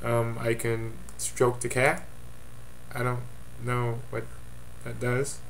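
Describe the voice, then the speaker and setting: A man talks offhand into a computer webcam at home, running his fantasy league's weekly update in a rambling, jokey way. His voice sits at an ordinary middle pitch, with a faint hiss of noise under it. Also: monotone, takes it slowly, vocal fry. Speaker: fantasy football league commissioner.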